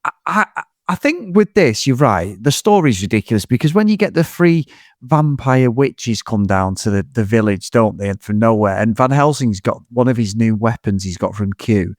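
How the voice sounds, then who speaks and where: A man's voice: mid-range voice, normal speed, no echo. A man on a podcast, talking loosely about a film he loves to mock, with plenty of swearing and little acted-out bits of dialogue. His voice sits in a middle range and sounds close and dry, with no room around it. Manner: swearing, animated, acts out scenes in quotes. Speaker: podcast co-host. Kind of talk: casual film review chat.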